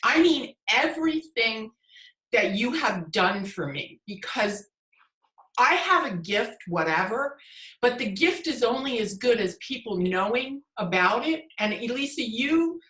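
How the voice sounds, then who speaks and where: A woman psychic medium talks as a guest, effusive and emotional, full of stories. Her voice is high and bright and swings widely in pitch. The sound is echoey, as if in a bare room. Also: sing-song, measured pace. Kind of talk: casual chat.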